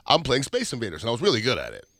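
A man hosting a radio show, telling a story in a casual, animated way and acting out the quotes. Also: mid-range voice, very fast, dry recording, clean studio sound. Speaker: radio host.

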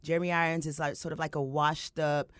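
Lively woman sharing celebrity gossip. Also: low voice, brisk, dry recording. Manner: animated, enthusiastic gossip. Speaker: celebrity insider guest. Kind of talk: morning radio chat. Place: radio studio. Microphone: studio mic.

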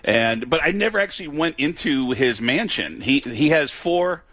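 A man's voice: a little high, animated, normal speed, fairly bright tone, no room sound. Rambling, stammering male comedian, dry sound. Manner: rambling, stammering, laughs mid-story. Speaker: guest comedian. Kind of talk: casual storytelling chat.

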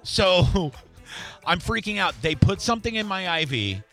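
A middle-aged man hosts a podcast in a casual, energetic way, his bright, forward voice pitched high, a little slow and creaky. He's an animated storyteller who acts out other people's voices as he retells events, with soft music faintly underneath.

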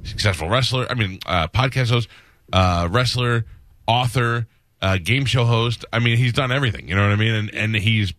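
A man's voice: mid-range voice, moderate pace, fairly bright tone, dry recording. A man hosting a radio show in a studio, chatting loosely and jokingly with his guest. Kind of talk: casual radio interview chat.

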